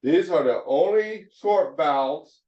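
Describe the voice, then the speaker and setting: A man's voice: a little high, expressive, slow, dark tone, distant mic. A man teaching a Hebrew phonics lesson to a class, repeating each point and checking in with "all right?". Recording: dull echoey classroom recording.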